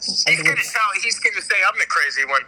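A man's voice: sits high, expressive, fast talker, very noisy. A man calling in to a radio show, telling a story in a casual, rambling way full of fillers. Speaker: caller, guest musician. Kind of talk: casual phone-in chat.

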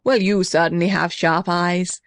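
Lady reading as a big old kindly tree, low-ish and hearty, dry sound. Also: steady tone, a little slow, dry recording.

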